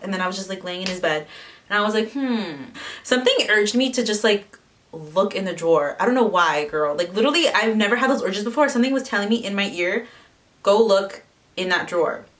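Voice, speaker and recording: A woman's voice: mid-range voice, quick pace, a bit bright, distant mic. A young woman telling a personal story in casual vlog chat, full of "like" fillers. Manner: chatty, lots of "like" fillers. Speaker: vlogger.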